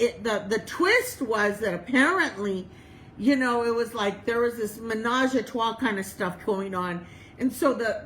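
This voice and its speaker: A bubbly woman chaplain with a fairly high voice tells a story in a loose, chatty way and laughs often as she goes. She slows to a measured pace whenever she recites a prayer or a verse of scripture. A faint hiss of noise sits behind her. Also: a bit bright, poor audio. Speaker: chaplain and reverend leading a service. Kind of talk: casual, storytelling sermon.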